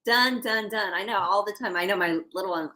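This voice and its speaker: A woman's voice: mid-range voice, a little fast, pushed and bright. A middle-aged woman talking candidly as a podcast guest, chatty and laughing often. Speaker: guest actress. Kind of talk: casual podcast chat.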